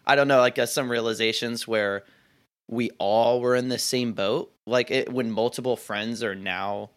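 A young man in his twenties speaks in casual conversation at an ordinary, middle pitch. He talks reflectively and rambles, often restarting his sentences and leaning on "like" as he works out his thoughts. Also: steady tone, moderate pace, clear, resonant tone.

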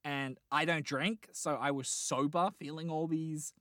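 A woman's voice: low voice, fairly even intonation, a little slow, fairly bright tone, no echo. A woman, co-hosting a casual chat in a dry, self-mocking way. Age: 20s. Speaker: podcast co-host.

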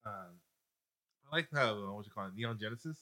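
A man's voice: lowish voice, expressive, pushed and bright. A man co-hosting a casual podcast, hedging and filling his talk with "like". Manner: quick, hedging with "I think", lots of "like". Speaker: podcast co-host. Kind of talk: casual chat.

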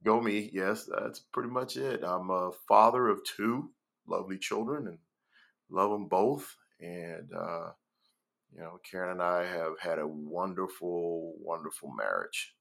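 A man's voice: sits low, a little slow, gravelly, a bit bright. A man in his forties, a guest on a podcast, talking casually and hesitantly with many fillers. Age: 40s. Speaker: podcast guest, school educator.

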